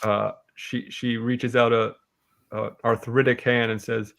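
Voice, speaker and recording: A man's voice: mid-range voice, little pitch movement, measured pace, gravelly, a bit bright, a little hiss or hum. A man narrating as game master in a casual tabletop game, laughing often.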